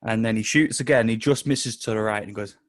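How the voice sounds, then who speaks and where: A man's voice: fairly low pitch, fast talker. A man with a Mancunian accent co-hosting a casual football podcast, swearing freely and telling jokes. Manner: sweary, jokey storyteller. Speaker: podcast co-host.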